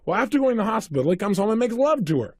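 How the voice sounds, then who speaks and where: A man delivers a motivational seminar talk in a high voice that leaps and swoops with expression. He spins stories and keeps turning to his listeners with questions. The sound is dry and close. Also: racing, husky, dry recording. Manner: animated storytelling with questions to the audience. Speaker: motivational speaker.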